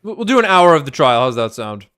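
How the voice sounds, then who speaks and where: A man's voice: a little high, sing-song, fast talker, a bit bright, clear, resonant tone. A man streaming a game in casual commentary; he rambles, swears freely and stammers on restarts.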